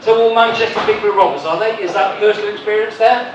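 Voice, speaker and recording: High-voiced, cheeky comedy host man. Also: quick pace, muffled recording. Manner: cheeky, teasing banter with the audience. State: has flu. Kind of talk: stand-up crowd work. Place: live comedy venue with audience. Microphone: stage microphone. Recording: echoey venue from far off, noisy.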